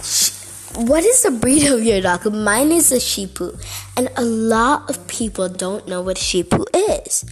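A woman's voice: on the high side, expressive, measured pace, breathy edge. A woman ranting casually to camera in a vlog, chatty and exasperated, full of "like" and "okay". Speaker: vlogger.

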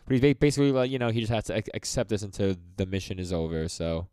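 Racing along with lively intonation, this man's lowish voice is mellow, clear and resonant, recorded dry. As a podcast co-host, he recaps an anime episode in a rambling, filler-heavy chat, performing the characters' dialogue.

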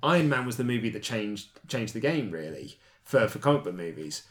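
A man's voice: on the low side, big pitch swings, a little fast, a bit bright. A man hosting a casual podcast chat, laughing often and restarting his sentences. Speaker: podcast host and author.

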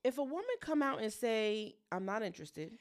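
A woman's voice: a little high, lively intonation, fairly quick. A woman co-hosting a casual podcast chat, blunt and straightforward in how she talks. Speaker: podcast co-host.

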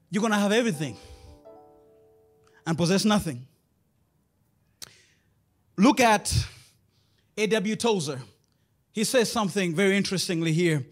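A man's voice: high voice, animated, measured pace, long pauses, faint music behind. A man preaching a sermon in a conversational way, often putting rhetorical questions to his listeners.

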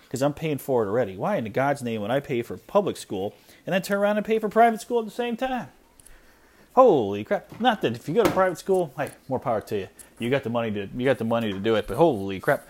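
Thirties male podcast host, mid-pitched, very lively intonation, blunt exasperated ranter. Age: 30s. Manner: blunt, exasperated ranting with frequent "like" fillers. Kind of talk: solo ranting podcast. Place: at home with small children nearby.

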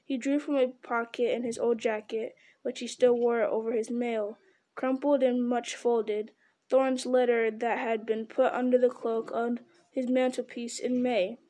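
Woman reading a kids' book out loud, steady and calm, a bit high. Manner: steady, unhurried reading with small slips. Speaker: reader. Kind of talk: storybook read-aloud.

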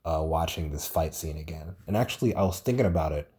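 A man's voice: a bass voice, fast, breathy edge. Rambling, swearing young man podcaster. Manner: rambling and excitable, swears a lot. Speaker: podcast host. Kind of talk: casual solo podcast monologue.

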